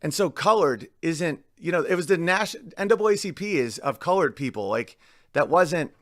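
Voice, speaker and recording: Recorded dry in a clean studio, a male podcast host with a fairly high, lively voice delivers a rambling, casual monologue at a moderate pace. He keeps restarting his thoughts and singing bits of lyrics while faint music plays behind him.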